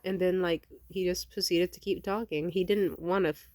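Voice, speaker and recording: A young woman vlogger tells a long personal story in a casual vlog, rambling, cursing, and animatedly acting out both sides of the conversation. Her voice is lowish at normal speed, with no room sound.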